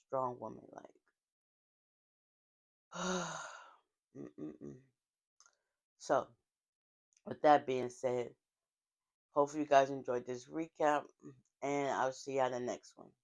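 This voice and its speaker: A woman's voice: very deep voice, fairly even intonation, takes it slowly, vocal fry, long pauses, a little mellow. A woman casually recapping a TV drama episode in a chatty, heartfelt storytelling way, with frequent fillers and asides. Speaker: TV show recapper.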